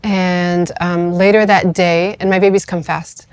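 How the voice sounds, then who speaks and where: A woman's voice: lowish voice, flat delivery, a little slow, clear, resonant tone, no room sound. A woman in her thirties, a podcast guest, telling a personal story in a chatty way, full of fillers, acting out what others said. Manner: chatty, many "like" fillers, acts out quoted voices. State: tearful at moments. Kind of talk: casual storytelling.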